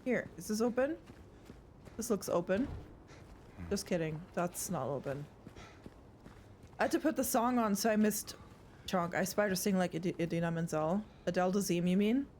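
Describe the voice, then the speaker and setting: A woman's voice: medium pitch, moderate pace, pauses often, darkish tone, slight background noise. A young woman streaming a horror game, chatting casually with her viewers and swearing often. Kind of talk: casual live gameplay chat.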